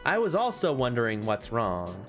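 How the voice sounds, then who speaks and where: A man's voice: medium pitch, huge pitch swings, moderate pace, faint music behind. A man streaming, chatting casually and jokingly between game lines in a self-deprecating manner. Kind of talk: casual chat over a game reading.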